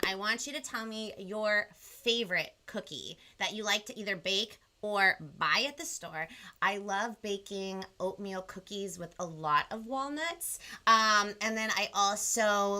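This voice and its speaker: Over a video call, a Southern California woman hosts a live bilingual kids' show, bubbly as she counts along and slips in Spanish words. Her mid-range voice is unhurried, bright and forceful.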